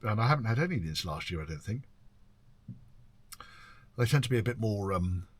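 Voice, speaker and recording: A man's voice: lowish voice, expressive, fast talker, long pauses, fairly bright tone, husky. An older man, rambling casually about his year of classic car work as host of his channel. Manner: rambling, chatty, mild swearing, frequent ums. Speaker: classic car workshop owner and video host. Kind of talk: casual year-end chat to camera.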